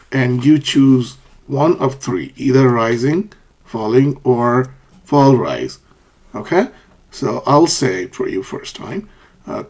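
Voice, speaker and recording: A man teaching an online English lesson on intonation, reading example sentences aloud with exaggerated rises and falls and checking in with a frequent "okay?". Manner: models example sentences with exaggerated rising and falling pitch.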